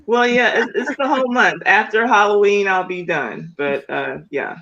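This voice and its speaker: A man's voice: high-pitched, normal speed, bright, forceful tone, muffled recording, a little hiss or hum. A man co-hosting a casual chat, laughing often and repeating himself. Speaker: co-host.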